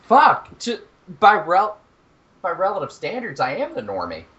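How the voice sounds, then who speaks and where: A young man co-hosting a podcast in casual chat, animated and profane, laughing at his own jokes. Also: high-pitched, unhurried, highs cut off. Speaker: podcast co-host.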